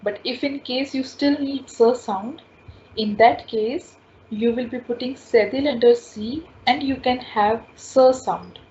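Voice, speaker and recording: A woman teaching French in an online class, slowly repeating sounds and explaining rules step by step. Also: a little high, darkish tone. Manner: slow, repetitive, spells out sounds patiently. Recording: dull lo-fi class recording with faint noise.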